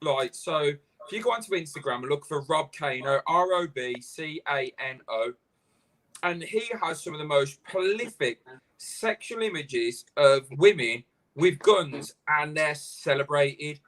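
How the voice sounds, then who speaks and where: A man with a fairly high voice, ranting in loose, animated chat on a live stream. He swears freely. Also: unhurried. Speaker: host.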